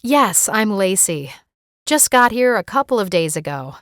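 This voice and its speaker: A woman's voice: mid-range voice, very animated, measured pace, a bit bright, no echo, clean studio sound. A woman voicing a polite, guarded young woman heroine in an audiobook.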